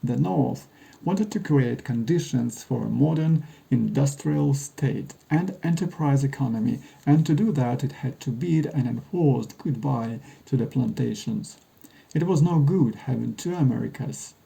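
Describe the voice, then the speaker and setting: Male narrator, measured and wry, very dark gravelly tone, scripted read. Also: medium pitch, low-quality recording.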